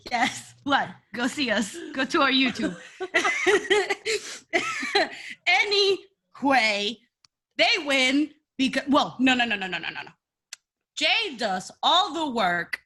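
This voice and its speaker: A playful woman co-hosting a podcast in casual chat. Her voice sits high and swoops up and down, and it sounds bright. She swears and gushes freely. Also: huge pitch swings, slow, long pauses. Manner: playful, swearing, gushing, laughs often. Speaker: podcast co-host.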